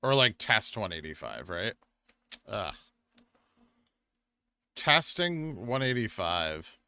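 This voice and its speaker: A low-voiced man with a bright, forceful edge chats through a live trading stream at his desk microphone. He rambles with plenty of fillers, dropping to near-mutters when reading chat and jumping up in excitement when he explains. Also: takes it slowly, long pauses, clean tone, no echo. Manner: rambling, filler-heavy, swings from quiet muttering to excited bursts. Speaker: livestream trading host.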